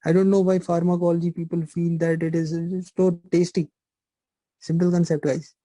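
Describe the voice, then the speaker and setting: A middle-aged man teaches pharmacology in a live online class. His voice sits a little high but stays flat and mellow. The recording is dry and close. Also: normal speed, no room sound, rough recording. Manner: repetitive, asks rhetorical questions, teasing. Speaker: pharmacology lecturer.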